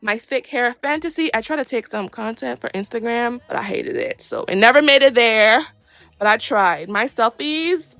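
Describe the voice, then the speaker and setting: A woman's voice: a little high, lively intonation, normal speed, bright, forceful tone, no room sound. A woman, talking through her hair wash routine in a chatty, playful voice-over full of sassy slang. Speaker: hair care vlogger. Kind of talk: casual voice-over tutorial.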